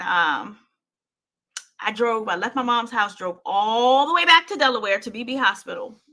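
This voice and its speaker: A woman's voice: fairly high pitch, sharp tone. A woman hosting her own show, telling a painful personal story with intensity, often repeating herself and speaking straight to her listeners. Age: adult parent.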